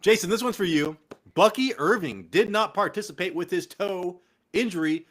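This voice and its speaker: A man's voice: high voice, moderate pace, a bit bright, a little hiss or hum. A young man with a Californian accent, hosting a casual fantasy football show with loose, profane, laughing banter. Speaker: podcast host.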